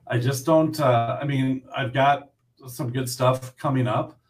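A man's voice: medium pitch, steady tone, unhurried. Easygoing male host, slightly distant mic. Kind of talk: casual interview chat.

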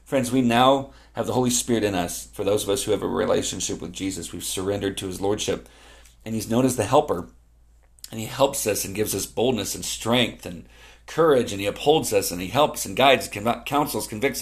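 A man's voice: on the low side, moderate pace. A middle-aged man preaching a sermon as a pastor, reading scripture and explaining it in an earnest, conversational way, repeating key phrases for emphasis.

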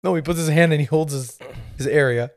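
Animated man telling a rambling story. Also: a little high, quick pace, no echo. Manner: rambling, animated, laughs through his story. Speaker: podcast host. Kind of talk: casual storytelling.

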